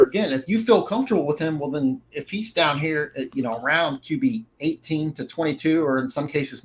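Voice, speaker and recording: A man's voice: a little high, low-quality recording. A man co-hosting a fantasy football show, chatty and prone to restarting sentences with fillers. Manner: chatty, self-interrupting with fillers. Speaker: fantasy football content writer co-host. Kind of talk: casual podcast chat.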